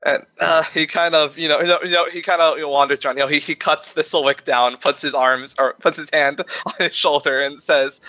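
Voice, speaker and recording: A man's voice: on the high side, steady tone, a little fast, bright, forceful tone, no room sound, low-quality recording. A man narrating as game master of a tabletop game over voice chat, rambling with fillers.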